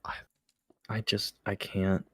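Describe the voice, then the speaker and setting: Very deep-voiced man teasing a friend. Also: level tone, takes it slowly, breathy edge, no echo. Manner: teasing storyteller, rambling with restarts. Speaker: streamer. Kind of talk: casual gaming chat.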